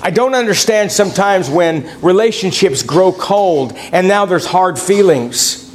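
An animated, unhurried middle-aged man gives a folksy sermon. He reads passages of scripture aloud and tells stories about himself, letting his pitch swing widely between points.

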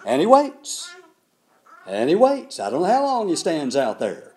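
A man's voice: fairly high pitch, measured pace. An older man preaching a sermon, telling a Bible story and acting out the characters in it. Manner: animated, acts out the characters in the story.

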